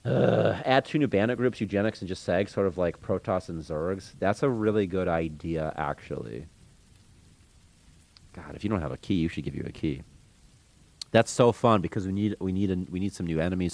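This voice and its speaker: A man's voice: deep voice, brisk, vocal fry, a little mellow. A man streaming game development, rambling casually with strong opinions and reading chat comments aloud. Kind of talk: casual rant on a live stream.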